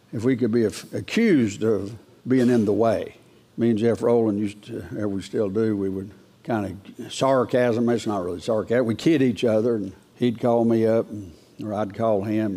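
A man preaching a folksy verse-by-verse sermon, lifting his voice to read scripture aloud and asking his listeners questions along the way. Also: dark tone. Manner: folksy, rises in pitch when reading scripture aloud; asks the congregation questions.

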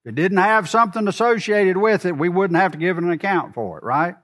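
A man preaching a sermon, swinging from loud emphatic lines to soft low asides and putting questions to the congregation. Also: expressive, fairly quick. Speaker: pastor.

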